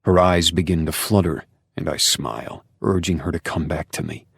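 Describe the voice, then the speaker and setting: A man narrating a dark romance audiobook in the first person, with intense, emotional delivery and hushed passages. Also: low-pitched, fairly even intonation, moderate pace, gravelly, slightly rough, no room sound, studio quality.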